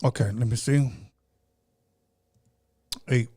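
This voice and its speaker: A man's voice: mid-range voice, steady tone, takes it slowly, warm tone, slightly rough, no room sound. Male podcast host, rambling casual storyteller, dry mic. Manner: rambling, many restarts.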